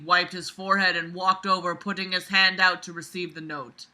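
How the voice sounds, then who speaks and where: A woman's voice: on the low side, little pitch movement, normal speed, sharp tone. A woman reading a fan story aloud and breaking off with sarcastic, swear-filled commentary. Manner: sarcastic, swears often, exasperated. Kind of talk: mocking read-aloud commentary.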